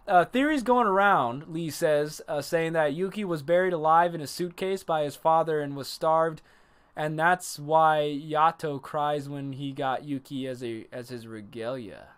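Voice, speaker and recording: Man, livestream anime reviewer, casual, animated, swears freely, talks to chat. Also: on the high side, unhurried, smooth. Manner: animated, profane, reacts to chat.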